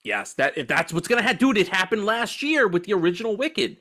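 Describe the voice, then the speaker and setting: A man's voice: high voice, sing-song, a little fast, fairly bright tone. A young man co-hosting a movie podcast, chatting casually and swearing freely, often laughing and acting out quotes in silly voices. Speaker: podcast co-host. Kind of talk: casual chat.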